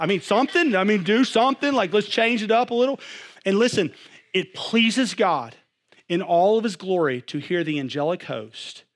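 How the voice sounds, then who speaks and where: Young pastor, slightly high voice, animated, swings from loud to hushed. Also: male voice, normal speed. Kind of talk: sermon.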